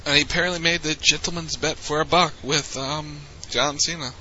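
A man's voice: fairly high pitch, fairly even intonation, brisk, bright, forceful tone, dull audio, a little hiss or hum. A man co-hosting a casual recap, chatty and rambling, with frequent restarts. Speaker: podcast co-host recapping wrestling.

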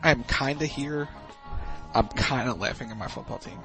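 A man's voice: medium pitch, moderate pace, music in the background. A man co-hosting a casual online talk radio show, wry and joking about sports. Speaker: co-host. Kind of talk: casual podcast chat.

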